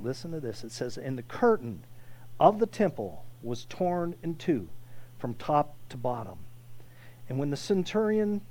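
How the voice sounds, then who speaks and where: A male pastor preaching conversationally, restarting phrases often and swelling loud to stress a point. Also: a little high. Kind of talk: sermon.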